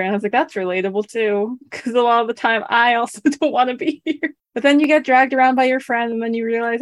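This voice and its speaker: A woman's voice: a little high, brisk, few pauses, no room sound. A young woman co-hosting a podcast, chatting casually and laughing often as she talks. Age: young adult. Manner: giggly, playful, laughs mid-sentence. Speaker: podcast co-host. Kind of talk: casual chat.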